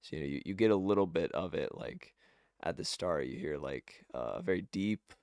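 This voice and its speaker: A man's voice: low-pitched, lively intonation, brisk, a little mellow, clear, resonant tone, no room sound, clean studio sound. A man narrating a tabletop game as game master, rambling and correcting himself with many fillers.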